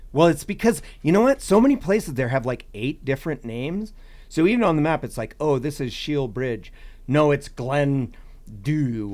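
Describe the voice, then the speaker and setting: A man's voice: medium pitch, a little mellow. Rambling man, a guest on a hiking podcast. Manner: rambling, with restarts and "you know". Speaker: podcast guest, long-distance hiker. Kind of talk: casual podcast chat.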